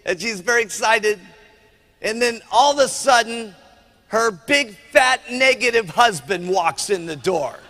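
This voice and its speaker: A man's voice: extremely high pitch, sharp tone. A man giving a motivational seminar speech as a business trainer, emphatic and forever asking "okay?". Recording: long hall reverb.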